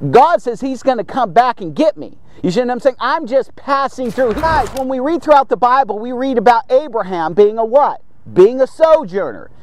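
A man's voice: very high voice, lively intonation, normal speed, few pauses. A man hosting a devotional podcast, talking casually and jokily while he preaches, recorded on a phone outdoors. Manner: chatty, repeats "okay?" often, jokey asides. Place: outdoors, sitting in a chair in a lot.

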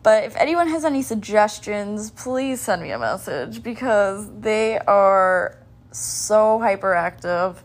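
A woman's voice: mid-range voice, lively intonation, slow pace. A young woman hosting a casual podcast, rambling in a scattered, chatty way with lots of "like" and "um". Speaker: podcast host.

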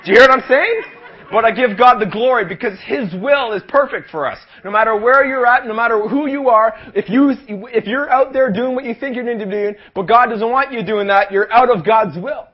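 High-voiced young preacher, dull recording. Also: male voice, brisk. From Canada. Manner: energetic preaching, asks the crowd for amens, rises to shouts. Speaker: pastor. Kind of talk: sermon. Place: youth rally hall.

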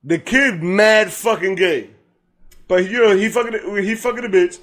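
A man with a fairly high voice co-hosts a podcast in loose, casual chat. He retells a sitcom scene with gusto, slipping into the characters' lines and laughing as he goes. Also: a little slow. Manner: animated storyteller, acts out characters' lines, laughs often, heavy profanity. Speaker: podcast co-host.

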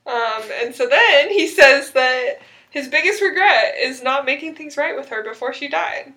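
A woman's voice: high-pitched, expressive, normal speed, sharp tone. A young woman chatting casually, recapping a TV episode and acting out quotes with sarcasm.

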